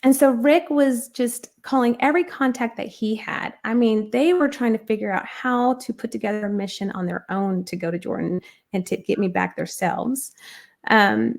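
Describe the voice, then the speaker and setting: A woman's voice: a little high, moderate pace, gravelly. A woman guest earnestly telling a personal testimony in conversation, with frequent ums and restarts. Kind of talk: personal storytelling.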